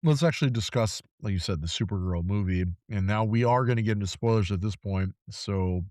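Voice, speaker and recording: A man's voice: on the low side, a little fast, darkish tone, no echo, studio quality. A man co-hosting a podcast, chatting casually and acting out quoted people as he tells a story. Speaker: podcast co-host. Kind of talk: casual chat.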